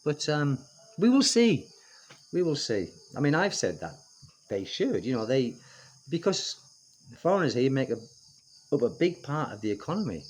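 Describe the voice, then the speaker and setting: A middle-aged man with a British accent talks loosely to his viewers, his pitch rising and dipping a lot. He rambles and restarts often and leans on fillers. His voice sits mid-low for a man. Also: big pitch swings, moderate pace, pauses often. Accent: British English. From United Kingdom. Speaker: expat vlogger. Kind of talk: casual chat to camera.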